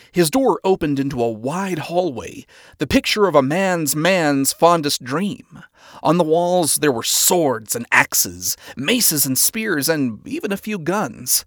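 A man narrating a fan fiction story in a steady storytelling manner. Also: fairly high pitch, a little slow, no echo, clean studio sound.

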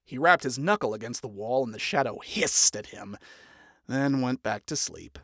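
A narrator reading fan fiction aloud in an expressive, storytelling manner. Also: mid-range voice, moderate pace, no echo, clean studio sound.

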